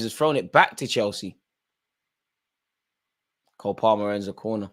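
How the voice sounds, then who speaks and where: A man's voice: on the low side, normal speed. A man hosting a live football watchalong, calling out players by name and bantering in casual slang. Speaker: watchalong host.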